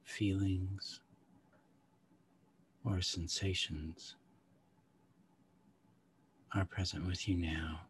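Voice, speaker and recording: A man guiding a slow, calm meditation, soft-spoken with long pauses and some lines half whispered. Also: low-pitched, a little hiss or hum. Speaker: meditation guide. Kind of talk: guided meditation.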